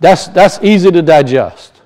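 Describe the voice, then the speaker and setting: A middle-aged man with a notably high voice preaching a lively sermon. He swings his pitch up and down, circles back on phrases for emphasis, and slips into acted-out voices. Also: measured pace, rough recording. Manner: animated preaching, rises and drops in pitch, acts out quoted voices; repeats and restarts phrases for emphasis.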